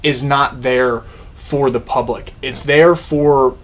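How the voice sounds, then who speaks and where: A man's voice: medium pitch, fairly even intonation, slow pace, a little hiss or hum. A man co-hosting a casual sit-down chat, explaining his views with plenty of restarts. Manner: explanatory, opinionated, frequent restarts. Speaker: co-host of an outdoors channel.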